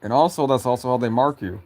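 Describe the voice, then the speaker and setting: A man answering viewer questions in a casual livestream chats with a darkish tone. He's giggly and often breaks into high laughter, and his speech is halting as he repeats and restarts phrases.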